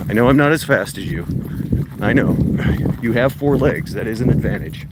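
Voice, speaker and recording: A man's voice: mid-range voice, expressive, normal speed. A man live-streaming a walk with his dog, talking to the dog and his viewers in a coaxing, casual way. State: out of breath while walking uphill. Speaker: livestream host walking his dog. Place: outdoors at a reservoir, walking. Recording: loud outdoor noise.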